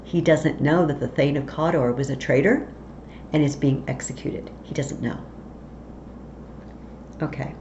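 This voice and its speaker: A woman's voice: deep voice, a little slow, long pauses, dark tone, a little hiss or hum. A woman explaining a play to students in a casual, chatty way, paraphrasing lines in slang, from a slightly dull recording. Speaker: teacher.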